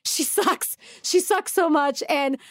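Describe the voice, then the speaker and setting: High-voiced woman telling a lively story. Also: slow, a little hiss or hum. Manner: laughs often, animated storytelling. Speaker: podcast co-host. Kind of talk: casual chat.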